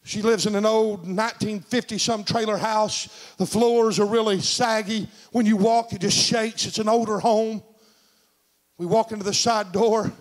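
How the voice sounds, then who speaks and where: High-voiced preacher, shouting then hushed. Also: male voice, fairly even intonation, moderate pace. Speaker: senior pastor. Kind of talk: sermon. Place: church sanctuary.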